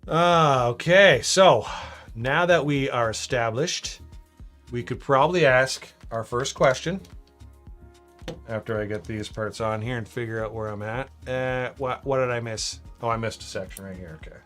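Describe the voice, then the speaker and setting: Laid-back man chatting on a live stream. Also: mid-range voice. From Canada, southern Ontario. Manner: relaxed and rambling, reads chat messages aloud between fillers. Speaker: live-stream host, LEGO builder. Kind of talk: casual live-stream chat while building. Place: home.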